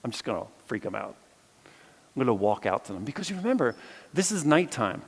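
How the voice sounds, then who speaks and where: A man preaching a lively sermon, acting out the voices in the story as he tells it. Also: medium pitch, fairly quick, gravelly, breathy edge. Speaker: philosophy teacher giving a chapel message. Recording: echoey hall with long reverb.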